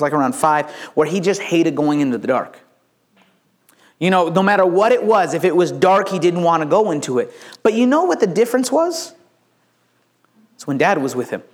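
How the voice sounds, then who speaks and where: A middle-aged male pastor preaching a sermon, telling the story in a lively way and acting out the voices. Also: a little high. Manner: animated storytelling, acts out voices.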